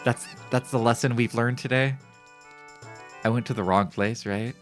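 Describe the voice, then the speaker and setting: A man's voice: medium pitch, moderate pace, faint music behind. A man streaming gameplay live, chatting casually with his viewers in a joking, self-mocking way. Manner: animated, joking, talks to chat.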